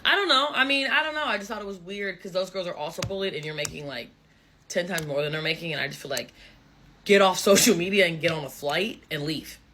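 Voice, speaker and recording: A woman's voice: lowish voice, fast, bright, forceful tone, a little hiss or hum. A woman giving a blunt, emphatic casual commentary rant, hammering points home by repeating phrases. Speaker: social media commentator.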